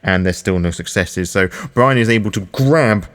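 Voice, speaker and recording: A man's voice: on the low side, normal speed. A British man running and playing a tabletop role-playing game alone, thinking aloud over dice rolls with frequent restarts. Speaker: solo game master and player. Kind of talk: solo tabletop actual play narration.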